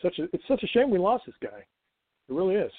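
A man's voice: high voice, huge pitch swings, fairly quick, no room sound. A man calling in to a podcast, telling rambling stories and laughing often. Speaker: phone-in guest. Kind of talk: casual podcast chat. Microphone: phone call. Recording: tinny phone line.

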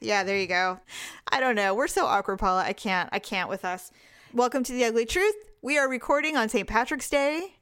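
A woman's voice: fairly high pitch, a little fast, fairly bright tone, smooth, no room sound, clean studio sound. A woman co-hosting a podcast in casual chat. She is chatty and laughs often. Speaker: podcast co-host.

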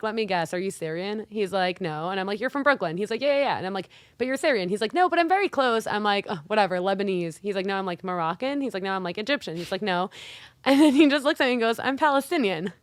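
A young adult woman co-hosting a podcast in casual chat, an animated storyteller who acts out the dialogue. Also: mid-range voice, fast talker, no echo. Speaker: podcast co-host.

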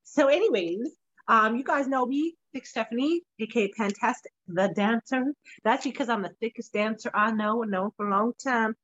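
A woman's voice: on the high side, moderate pace, fairly bright tone, dull audio. A woman hosting a podcast, chatting casually in a playful, joking way and laughing often. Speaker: podcast host.

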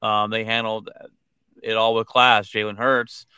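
A man's voice: lowish voice, little pitch movement, bright, forceful tone, clear, resonant tone, dry recording. Man, co-host, casual sports chat, hesitant restarts, clean dry close sound. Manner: halting, many restarts and fillers; reads out listener comments.

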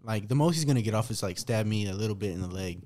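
A young man co-hosting a podcast, talking in a laid-back, halting way, full of "like"s and restarts. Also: lowish voice, expressive, a little mellow. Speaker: podcast co-host. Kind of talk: casual chat.

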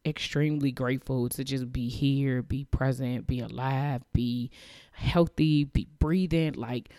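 A woman in her thirties hosting a podcast, talking earnestly and emotionally, with halting restarts and repeated phrases. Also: a bass voice, mellow, no echo, studio quality. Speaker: podcast host. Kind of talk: heartfelt faith-based podcast monologue.

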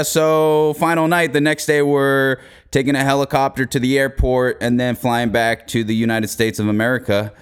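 A man's voice: mid-range voice, flat delivery, normal speed, hardly any pauses, smooth. A young man hosting a podcast, telling a comedic story in a casual, profane, laid-back way. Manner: profane, laid-back, laughs through his stories. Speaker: podcast host.

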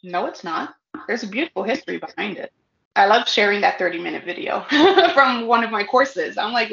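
A woman guest talking casually about her work as a cannabis educator, animated, laughing often and acting out dialogue. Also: medium pitch, normal speed, vocal fry. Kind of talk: casual interview chat. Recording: dull lo-fi audio in an echoey room.

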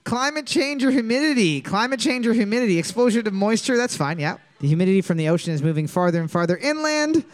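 A woman runs a casual trivia night, reading every question twice. Her voice is lively and bouncy, and she throws crude, teasing jokes at her co-host. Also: fairly high pitch, fast, few pauses.

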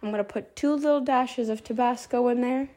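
High-voiced woman, rambling confessional. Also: a little fast, mellow. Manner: rambling, heartfelt, self-correcting. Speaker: voice memo host. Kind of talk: personal confessional monologue.

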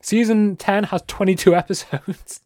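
A man's voice: high-pitched, fairly even intonation, moderate pace, darkish tone, dry recording, clean studio sound. A young British man co-hosting a casual podcast chat, steering topics and chuckling often as he talks. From United Kingdom. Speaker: podcast co-host.

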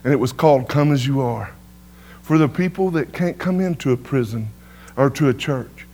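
Speaking at normal speed in a medium-pitched, darkish voice, a middle-aged man preaches his testimony. He spins folksy stories and keeps calling "amen" to the crowd.

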